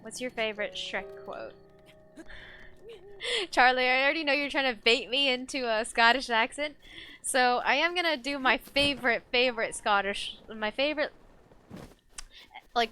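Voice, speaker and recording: A woman's voice: a little high, moderate pace, bright, forceful tone, a little hiss or hum. A young woman streaming a game live, chatting playfully with her chat and laughing often. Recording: faint game music behind.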